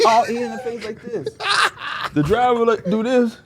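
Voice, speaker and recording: This man's voice is gravelly, at normal speed, with background noise behind it. Co-hosting a podcast, he spins stories conversationally and gets animated, voicing the people he quotes through sharp pitch leaps.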